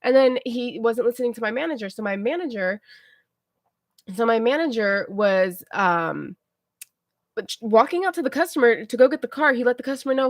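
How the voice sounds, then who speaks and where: A woman livestreamer telling a story to her viewers in a casual, animated way, often checking in with them. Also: on the high side, a little fast, no room sound, clean studio sound. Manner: chatty, animated retelling, keeps checking in with "okay?".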